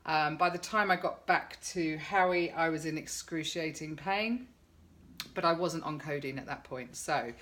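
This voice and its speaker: A middle-aged woman talks casually to camera, wry and a little sarcastic. Her voice sits low but comes out bright and forceful. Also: measured pace. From England. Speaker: vlogger.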